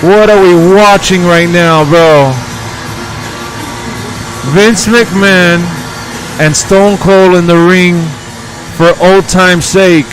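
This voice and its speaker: A man hosting a live-stream watch party, reacting in an excitable, profane way and calling his viewers bro and dog. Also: high voice, takes it slowly, pauses often, over music, poor audio. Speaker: streamer host.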